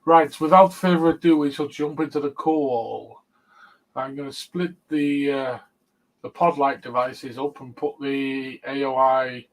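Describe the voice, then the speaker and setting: A man's voice: medium pitch, fairly even intonation, unhurried, rough recording. Chatty man hosting a casual chat. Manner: laid-back, chatty, laughs often. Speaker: host.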